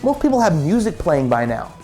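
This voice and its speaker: Casual storyteller, rambling, stumbling over words, music faint behind. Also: male voice, fairly high pitch, very animated, a little fast, gravelly, mellow. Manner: rambling, many restarts and repeated words.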